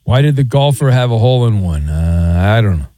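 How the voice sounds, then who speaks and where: A man's voice: lowish voice, expressive, mellow, slight background noise. A man hosting a late-night sports radio show, teasing a caller and rolling into a promo. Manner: playful, teasing, quick ad reads. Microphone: studio mic.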